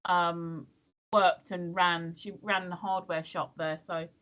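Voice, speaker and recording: A woman's voice: fairly low pitch, flat delivery, slow pace, a bit bright, muffled recording. An English woman in casual chat on a live stream, rambling and hesitant with many ums. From England. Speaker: stream co-host.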